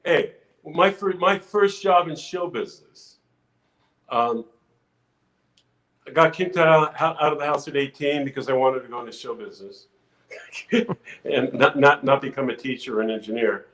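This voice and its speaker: An older man, a podcast guest, telling a lively anecdote in casual chat, full of restarts and acted-out quotes. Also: mid-range voice, a little slow, pauses often, roomy sound, low-quality recording. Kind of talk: casual storytelling.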